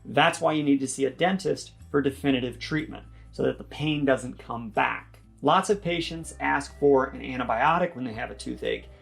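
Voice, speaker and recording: Gravelly, easygoing man giving health tips. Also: mid-range voice, normal speed, few pauses, faint music behind. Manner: joking, reassuring, chatty. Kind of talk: casual instructional vlog.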